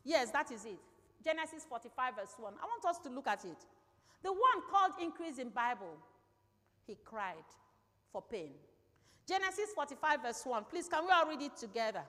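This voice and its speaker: A woman with a high voice delivers a sermon, repeating her key lines for emphasis. She keeps turning to the congregation with questions. The sound carries a long reverb from a large hall. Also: big pitch swings, moderate pace, pushed and bright. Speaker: preacher.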